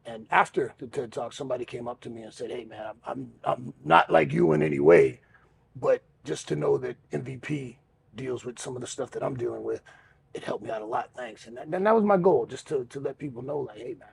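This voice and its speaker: This man's gravelly voice sits at medium pitch and moves a little fast, with faint background noise behind it. Co-hosting a podcast, he talks openly and profanely, often poking fun at himself.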